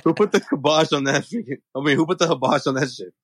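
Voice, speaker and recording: A man co-hosting a podcast, teasing his co-hosts with deadpan jokes in casual sports chat. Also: on the high side, quick pace, slightly rough, no echo, clean studio sound. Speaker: podcast co-host.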